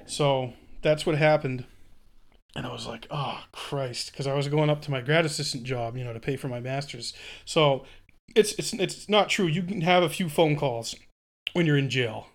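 A man's voice: mid-range voice, moderate pace. A man in his twenties telling a story in casual chat, swearing freely and acting out what others said. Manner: swearing, laughing, acts out quotes.

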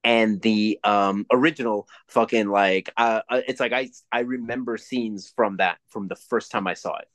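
A man in his forties co-hosting a podcast, chatting casually and telling profane, animated stories. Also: lowish voice, moderate pace, few pauses, no room sound. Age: 40s. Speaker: podcast co-host. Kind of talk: casual chat.

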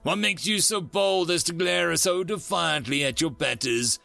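A man's voice: a little high, unhurried, vocal fry, bright, forceful tone, dry recording, faint music behind, pitched above the performer's own voice, full character voice. A man voicing a cruel, arrogant alien insect captain who sneers and threatens, his voice climbing into shrieks. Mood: scornful.

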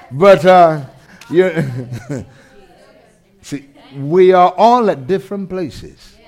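A man preaching a sermon, animated, swinging from loud shouts to quiet intensity, laughing between lines. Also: fairly high pitch, drawn-out words, pauses often. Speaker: pastor.

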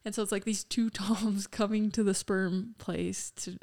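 A young woman co-hosts a podcast, spinning stories in a chatty, giggly way and dropping lots of "like"s. Her mid-range voice is gravelly and a little mellow, with a steady tone and an unhurried pace. It's casual chat.

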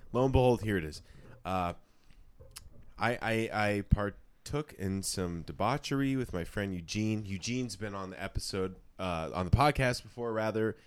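Lowish-voiced guy hosting a casual podcast. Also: clean tone. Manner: laughing, joking, slips into silly put-on voices. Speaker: podcast host. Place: recording studio.

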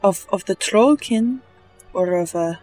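A player in a tabletop game, speaking in a hesitant, halting way. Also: medium pitch, darkish tone, far from the mic, soft background music, rough recording.

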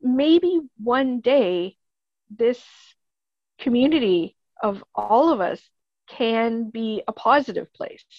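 A woman's voice: fairly high pitch, no room sound, dull audio. A woman with a Canadian accent, speaking as a podcast guest in casual, earnest, rambling chat, laughing often.

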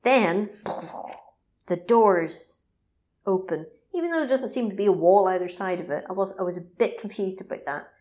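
A woman chatting casually as a co-host, recapping a video game. She is animated and laughs easily, tossing in quick asides. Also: medium pitch.

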